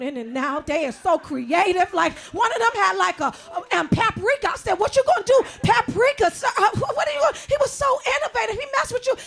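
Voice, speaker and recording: A middle-aged woman doing a bawdy stand-up set, chatty and swinging from loud outbursts to low asides. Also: gravelly. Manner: bawdy, conversational, swings between loud shouting and low mutters. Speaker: stand-up comedian.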